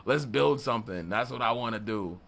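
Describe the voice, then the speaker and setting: A man with a medium-pitched voice and vocal fry speaks a little fast as he tells a story in a casual vlog. He's a beatmaker and studio vlogger whose storytelling is animated and profane, full of laughter and acted-out quotes.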